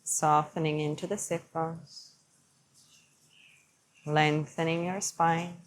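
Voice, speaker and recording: A young adult woman teaching yoga, guiding breathing in a slow, gentle, soothing way. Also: deep voice, level tone, slight background noise, rough recording. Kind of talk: guided yoga instruction.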